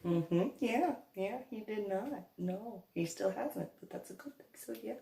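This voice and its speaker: Talking casually to her viewers, a vlogger and reverend from New Jersey rambles through stories and frequently laughs. Her medium-pitched voice is animated and unhurried, with vocal fry and a dark tone. There's a roomy echo and slight background noise.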